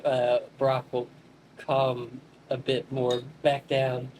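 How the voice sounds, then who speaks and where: A player in a tabletop game who talks in a halting, hesitant way. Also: mid-range voice, monotone, darkish tone, slight background noise, poor audio. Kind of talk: casual tabletop game play.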